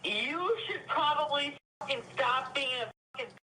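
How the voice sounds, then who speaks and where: A woman's voice: high-pitched, animated, unhurried, sharp tone. Tipsy woman on a phone line. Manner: defensive, slurring, cursing. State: intoxicated. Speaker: caller. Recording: phone call recording with hiss.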